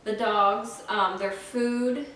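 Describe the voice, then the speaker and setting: A young woman from Florida chats frankly into a camera set back from her, filling pauses with ums and restarting her thoughts. She sounds dry-mouthed and slightly out of breath. The room is strongly echoey, with a faint hiss underneath. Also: medium pitch, fairly even intonation, fairly bright tone, distant mic. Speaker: vlogger. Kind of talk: casual pregnancy update vlog. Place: at home, indoors.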